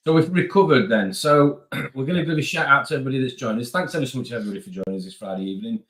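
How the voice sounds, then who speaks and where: A man hosting a casual live stream, chatting quickly and greeting viewers by name. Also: medium pitch, fairly bright tone, breathy edge. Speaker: host.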